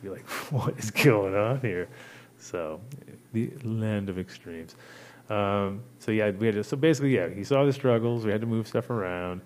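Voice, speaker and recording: A man's voice: on the low side, moderate pace, darkish tone, slight background noise. A man hosting a show, telling a long casual story full of swearing and acted-out quotes. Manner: rambling, profane, acts out voices in quotes. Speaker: host.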